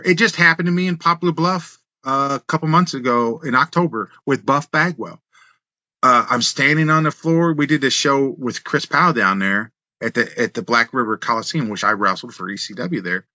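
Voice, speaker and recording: A man, a former wrestler, telling road stories in an animated way on a podcast, full of restarts and quoted dialogue. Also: medium pitch, no room sound, highs cut off. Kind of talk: casual storytelling in a podcast interview.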